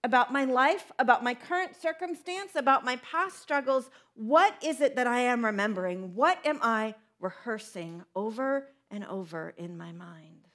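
Young woman pastor, fairly high voice, chatty sermon, keeps asking the crowd stuff. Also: moderate pace, few pauses. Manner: conversational, animated, asks the congregation questions.

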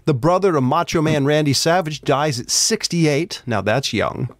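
Guy reading out headlines on a podcast, trips over names, kinda high voice, dead dry sound. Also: expressive, normal speed, no room sound. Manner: reads headlines aloud with asides, stumbles on names. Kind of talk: casual news chat.

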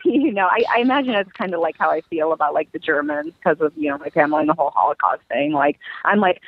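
A woman's voice: lowish voice, brisk, hardly any pauses, no echo. Chatty woman on a tinny line. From United States. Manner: chatty, laughing, full of "like". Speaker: interview guest. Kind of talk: casual interview chat.

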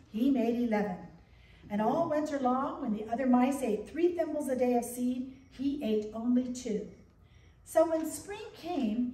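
A woman pastor reading a story aloud to her congregation in a gentle, expressive storybook manner. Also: on the high side. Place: church sanctuary. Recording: echoey church from a distance.

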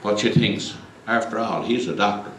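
A man giving a lively comic recitation at a community concert. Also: fairly low pitch, normal speed, slight background noise. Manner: lively storytelling. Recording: echoey hall, mic far off.

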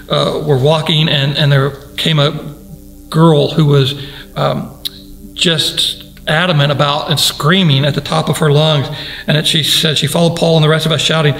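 A man's voice: on the high side, a bit bright, low-quality recording. A man preaching a sermon as pastor in a church, earnest, repeating phrases and asking the congregation rhetorical questions. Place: church sanctuary.

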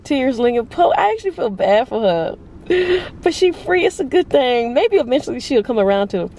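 Brief: young woman, book vlogger, hyped and slangy, laughs a lot, slightly high voice. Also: sing-song, fairly quick, dark tone, slight background noise. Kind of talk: casual reaction chat. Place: public place.

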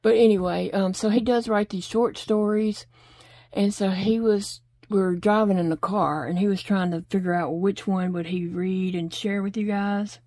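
A middle-aged woman chats easily about home life as she crochets, laughing often and pausing to count stitches under her breath. Her voice is mellow and soft-edged, heard dry and close with no room around it. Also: mid-range voice, steady tone, no room sound. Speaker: crochet vlogger. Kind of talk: casual chat while crocheting.

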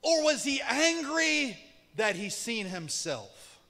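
A male pastor preaching a sermon, shouting for emphasis and then dropping very quiet, recorded in an echoey church hall. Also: very high-pitched, very animated, slow, gravelly. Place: church sanctuary.

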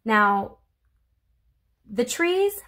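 A woman's voice: a little high, very animated, drawn-out words, pushed and bright. A woman art teacher with a Southern US accent, giving a friendly home video art lesson for children and explaining as she draws. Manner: friendly, chatty, explains while drawing. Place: home room. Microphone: phone camera.

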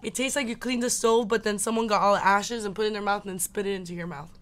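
A woman's voice: mid-range voice, steady tone, fast, a bit bright, slight background noise. A young woman co-hosting a casual candy-tasting show, blunt and dramatic, with a loose tongue. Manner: blunt, dramatic, swears freely. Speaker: show host.

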